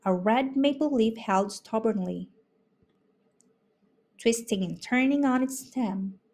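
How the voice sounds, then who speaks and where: A woman reading a children's picture book aloud in an expressive, unhurried way. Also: fairly high pitch. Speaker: storybook reader. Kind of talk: children's read-aloud narration.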